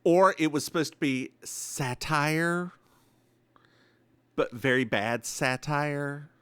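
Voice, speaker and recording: A man with a Southern US accent co-hosting a podcast, recapping a TV episode in casual chat with animated, sassy asides. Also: fairly high pitch, slow pace, clear, resonant tone, no echo. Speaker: podcast co-host.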